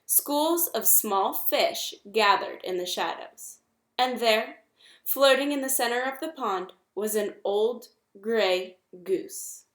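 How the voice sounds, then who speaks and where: A woman reading a children's novel aloud in an expressive, measured way. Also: a little high. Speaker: reader. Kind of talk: storybook read-aloud. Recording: echoey room.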